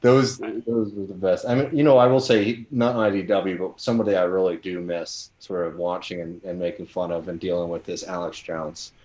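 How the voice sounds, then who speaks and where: A man's voice: sits low, fairly even intonation, normal speed, hardly any pauses, a little mellow, highs cut off. An American man co-hosting a casual panel chat, reading listener questions and rambling with many fillers. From United States.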